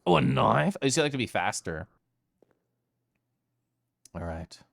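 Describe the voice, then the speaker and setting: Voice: mid-range voice, sing-song, measured pace, gravelly. A streamer casually chatting with viewers while playing a game, giggly and playful. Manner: giggly, playful, talking to chat. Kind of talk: casual live-stream gameplay chat. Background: faint game music.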